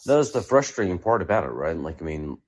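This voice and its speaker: Low-voiced rambling male caller. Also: sing-song, fast talker. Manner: rambling, full of "like" and "you know". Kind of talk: casual call-in chat.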